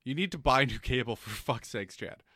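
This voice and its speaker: A Canadian man co-hosting a casual podcast, animated and swearing, a little tipsy. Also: mid-range voice, fairly quick, slightly rough, no room sound, studio quality. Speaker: podcast co-host. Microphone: studio mic.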